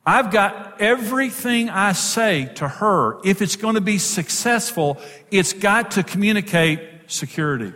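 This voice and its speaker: A man's voice: high-pitched, lively intonation, normal speed, bright, forceful tone. A man giving an emphatic teaching talk on marriage to an audience, repeating key words for stress. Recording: long hall reverb.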